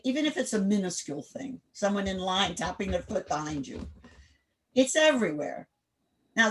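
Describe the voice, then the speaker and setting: A woman leading an interactive online class over a video call, direct and firm, quizzing the group with quick questions. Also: lowish voice. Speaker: workshop instructor.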